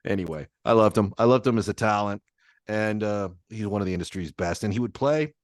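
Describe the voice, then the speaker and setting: Male host, very deep and dry; chatty storyteller, laughs easily. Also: a little fast, dry recording. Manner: rambling anecdotes, laughs often, swears. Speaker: podcast host. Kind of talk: casual interview chat.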